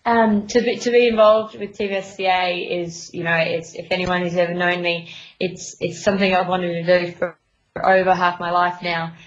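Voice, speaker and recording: A woman's voice: on the low side, level tone, moderate pace. A young adult woman sailor, interviewed in a casual radio chat, talking hesitantly with many fillers and restarts. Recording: dull lo-fi line.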